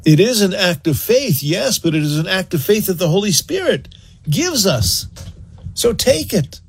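A male preacher with a gravelly, husky voice, speaking a little higher than most men. He takes his time and lets the pitch swing widely as he tells a story and exhorts his listeners. The delivery is earnest and animated. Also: moderate pace. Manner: animated storyteller, acts out scenes. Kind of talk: sermon.

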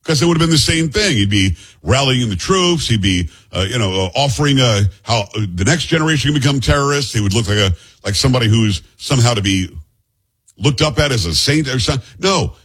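Blunt, heated husky man ranting. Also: medium pitch, animated, fairly quick, fairly bright tone. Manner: blunt, heated, stumbles over names. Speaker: host. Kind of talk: opinionated news commentary.

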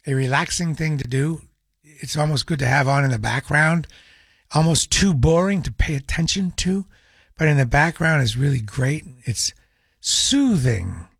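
A man's voice: a little high, gravelly, husky, dry recording, clean studio sound. A man hosting a radio talk show, chatting in a wry, opinionated monologue.

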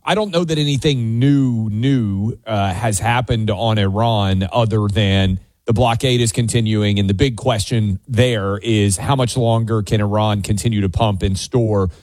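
A man's voice: lowish voice, a little mellow, no echo. A man co-hosts a talk radio show, chatty and enthusiastic in casual political talk. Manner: chatty, fast-talking, enthusiastic.

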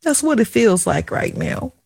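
A woman's voice: a little high, huge pitch swings, measured pace, gravelly, darkish tone, breathy edge, dry recording, clean studio sound. A middle-aged woman hosting a radio talk show, speaking candidly and emotionally in a confiding, chatty way. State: tearful at times. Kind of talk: emotional personal radio monologue.

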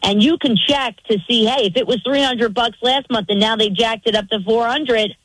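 New york lady filling in as reporter on the radio, brisk and explaining, dry close sound. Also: a little high, a bit bright, no echo, low-quality recording. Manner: brisk, explanatory, laughs easily. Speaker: guest reporter. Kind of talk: casual radio chat.

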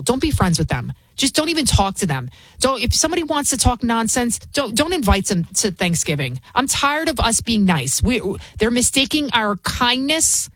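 A woman's voice: medium pitch, dry recording. A woman filling in as a talk radio host, speaking bluntly and scornfully, rambling with frequent restarts. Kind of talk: opinionated talk radio monologue.

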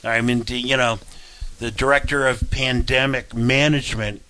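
A man's voice: mid-range voice, fairly even intonation, moderate pace, bright, forceful tone, no echo. A man hosting talk radio, giving blunt, rambling opinions. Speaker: radio talk show host.

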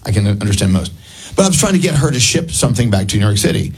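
Husky-voiced radio host telling stories. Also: male voice, lowish voice, very animated, rapid-fire. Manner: storytelling, chuckling, emphatic. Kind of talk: casual radio chat. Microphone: studio microphone.

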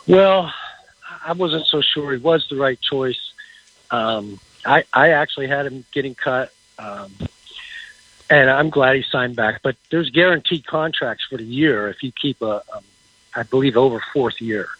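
A man giving casual football insight as a radio guest, halting and repeating words as he talks. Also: medium pitch, fairly bright tone, breathy edge, no room sound, lo-fi sound. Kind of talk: casual sports talk on radio.

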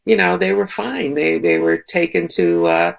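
A woman's voice: fairly low pitch, normal speed, creaky. A woman speaking as a guest on a call-in radio show, thoughtful and reassuring. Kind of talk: talk radio conversation.

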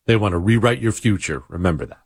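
A man's voice: fairly low pitch, animated, quick pace, creaky, breathy edge, no room sound, clean studio sound. A middle-aged man hosting a radio talk show, talking in an emphatic, opinionated monologue and repeating phrases for effect. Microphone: studio mic.

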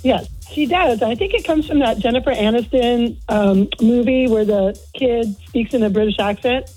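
A woman's voice: a little high, normal speed, dark tone, breathy edge, soft background music, low-quality recording. A middle-aged woman, a mother, calling into a radio show and chatting in an amused, easygoing way. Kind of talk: casual phone-in chat.

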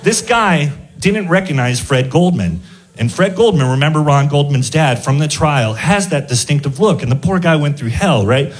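A man's voice: fairly high pitch, animated, normal speed. Guy doing stand-up, long rambling story, laughs at his own bits. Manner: rambling anecdote, chuckling at his own jokes. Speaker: stand-up comedian.

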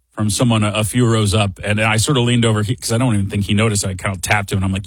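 A man's voice: on the low side, fast talker, dry recording. A middle-aged man hosting a show, telling a casual story in a chatty, wry, self-deprecating way. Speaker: radio show host.

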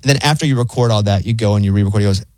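A man chatting casually as a show host, an animated storyteller who acts out the lines he quotes. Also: fairly low pitch, rapid-fire, dry recording.

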